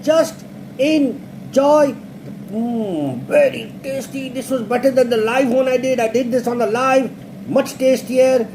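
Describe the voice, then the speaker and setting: A blunt, foul-mouthed man talks a viewer through a recipe, joking and cursing as he goes. His voice is mellow and relaxed, with a faint hum of noise behind it. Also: very high-pitched, moderate pace. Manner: blunt, crude, constant swearing, playful jokes; repeats words for emphasis. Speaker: home cook showing a recipe. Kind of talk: casual cooking demonstration.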